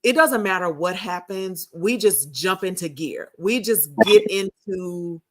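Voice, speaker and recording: A woman's voice: lowish voice, unhurried, fairly bright tone. A middle-aged woman, hosting a podcast and telling a heartfelt story in a casual chat, full of restarts. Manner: emotional storytelling with many restarts. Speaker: podcast host.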